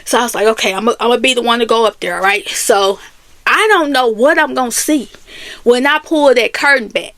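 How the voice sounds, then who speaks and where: High-voiced woman telling a story to camera. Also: fairly quick, no echo. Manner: animated, Southern US Black vernacular phrasing, addresses viewers as y'all.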